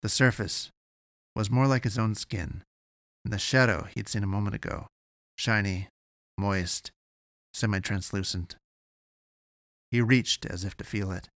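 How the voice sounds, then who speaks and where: A man giving steady, measured scripted narration of an audiobook. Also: fairly low pitch, dry recording, studio quality.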